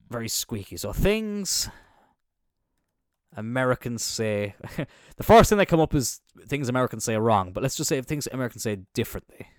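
A man's voice: medium pitch, no room sound, studio quality. A young man from Cork with a Cork Irish accent hosts a casual solo podcast, rambling and chatty, swearing freely and trailing off mid-thought. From Cork, Ireland. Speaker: podcast host. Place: indoors, seated on a squeaky chair.

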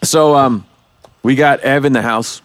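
A man's voice: mid-range voice, steady tone, a little slow, no echo. A man hosting a casual podcast chat, loose and swearing, acting out quotes. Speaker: podcast host.

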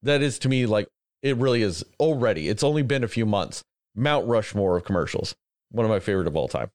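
A man's voice: on the low side, lively intonation, fairly quick, darkish tone, no room sound, clean studio sound. Profane, rambling man chatting casually. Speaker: podcast host. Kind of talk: casual chat.

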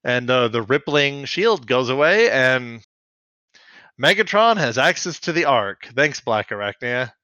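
Man, bright forceful tone, chatty with lots of "like", dull muffled dry sound. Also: mid-range voice, sing-song, unhurried, dry recording. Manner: chatty, filler-heavy, laughs often. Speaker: podcast co-host. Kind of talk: casual recap chat.

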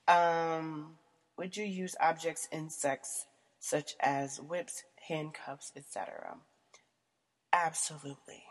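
A young woman vlogger reading out questions and answering them in a casual, blunt, profane way, often laughing. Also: low voice.

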